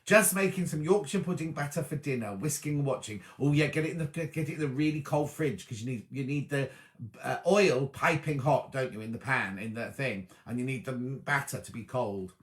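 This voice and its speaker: A man's voice: medium pitch, normal speed, roomy sound. A man hosting a casual live-stream chat, reading out viewer comments in a rambling, self-correcting way. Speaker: host. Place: indoors at home.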